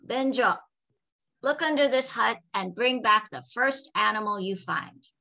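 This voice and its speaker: A woman voicing an old male village medicine man, calm and grumbling, with an unhurried drawl. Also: fairly high pitch, gravelly, pitched above the performer's own voice, heavily acted.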